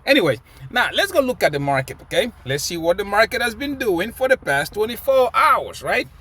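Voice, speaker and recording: A man's voice: sits high, fairly quick, husky. A man giving casual, emphatic market commentary as a crypto vlogger. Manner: animated, emphatic, preachy.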